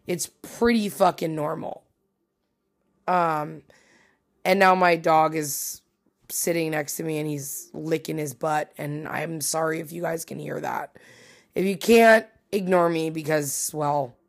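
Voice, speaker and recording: A woman's voice: low voice, a little slow, gravelly. A woman hosting a casual solo podcast from home, rambling and swearing as she mocks herself. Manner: rambling, profane, self-mocking. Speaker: podcast host.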